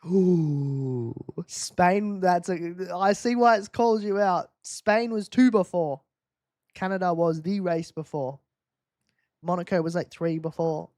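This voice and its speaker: A man's voice: high-pitched, fairly even intonation, a little slow, a little mellow, no echo, studio quality. A man hosting a live race-watch quiz stream, teasing viewers in casual chat.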